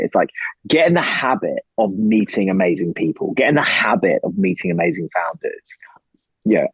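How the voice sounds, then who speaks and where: Man, husky voice, lowish pitch, dry close sound, casual animated podcast talk. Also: no echo, rough recording. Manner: animated, rambling, swears casually. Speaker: podcast guest, investor and founder. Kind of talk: casual conversation.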